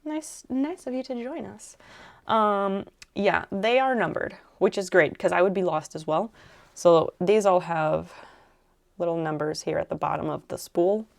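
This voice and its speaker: A woman's voice: fairly low pitch, unhurried, vocal fry. A woman streaming live while she crafts, musing aloud as she works and answering her viewers' chat in a casual way.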